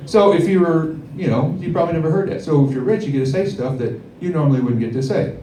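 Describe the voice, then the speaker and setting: A man doing a stand-up set at a comedy club, with a rambling, deadpan delivery full of fillers. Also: on the high side, quick pace, slight background noise. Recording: echoey club, heard from far off.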